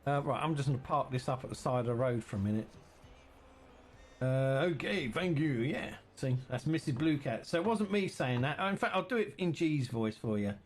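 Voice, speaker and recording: A man's voice: mid-range voice, expressive, moderate pace. A man chatting casually and teasingly with viewers while streaming a farming game.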